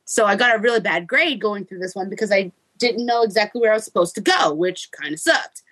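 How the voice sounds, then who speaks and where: A woman co-hosting a casual game podcast, retelling scenes in a chatty way and slipping into quick mock voices. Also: mid-range voice, lively intonation, a bit bright, no room sound, rough recording. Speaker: podcast co-host reviewing a game. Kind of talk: casual chat.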